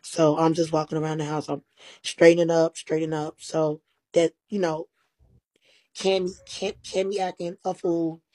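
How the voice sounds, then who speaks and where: Husky, low-voiced woman telling a story. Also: normal speed, no room sound, low-quality recording. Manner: animated, profane retelling full of quoted dialogue. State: tired. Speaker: guest. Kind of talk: casual storytelling.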